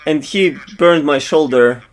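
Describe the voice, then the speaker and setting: A man giving an English voiceover for an interviewee, speaking haltingly with many fillers and restarts. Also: a little high. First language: Russian.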